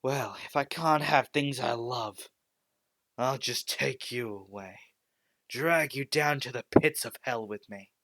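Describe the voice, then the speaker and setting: A man doing a desperate young hero shouting. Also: a little high, extremely slow, creaky, long pauses, pitched above the performer's own voice, full character voice. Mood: bitter.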